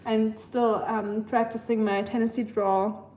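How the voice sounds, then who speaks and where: A woman's voice: on the high side, fairly even intonation, normal speed. Chatty German-accented woman streamer. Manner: chatty, rambling, with frequent fillers. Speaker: live streamer. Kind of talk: casual livestream chat.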